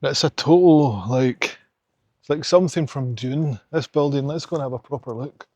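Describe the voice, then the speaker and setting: A man's voice: medium pitch, normal speed, dark tone, dry recording. A young Scottish man chatting as he hikes outdoors in the mountains, rambling and opinionated. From Scotland. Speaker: hiking vlogger. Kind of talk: casual vlog chat on a walk.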